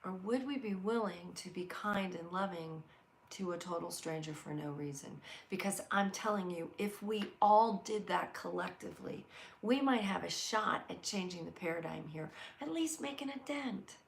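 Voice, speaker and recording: Middle-aged woman, live inspirational host, low and gravelly, earnest storyteller. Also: normal speed, a little hiss or hum. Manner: earnest, storytelling, reads viewer comments aloud. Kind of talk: heartfelt live motivational talk.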